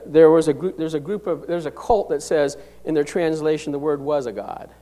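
A middle-aged male pastor with a notably high-pitched voice preaches a sermon, pressing each point hard. He swings sharply between loud and hushed, rising on key words and then dropping quietly to let them land.

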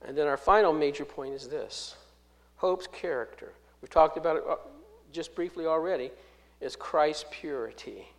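A man preaching a sermon, reading scripture aloud and explaining it, with big swings in loudness and slowing down on key phrases. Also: fairly high pitch.

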